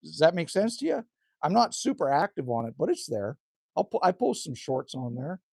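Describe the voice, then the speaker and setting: A middle-aged Canadian man with a folksy, chatty delivery, tacking on "hey?" and "man" as he talks with his live chat. His voice sits a bit high and swings widely in pitch, a little hoarse, and the sound is close and dry with no room echo. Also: sing-song, moderate pace, darkish tone. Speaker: livestream host reading chat. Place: rural cabin indoors.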